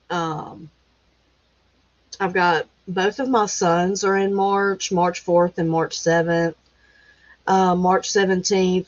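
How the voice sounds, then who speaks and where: A middle-aged woman hosting a livestream, chatting casually with viewers and reading their comments, affectionate and quick to laugh. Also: lowish voice, dry recording, muffled recording. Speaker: livestream host.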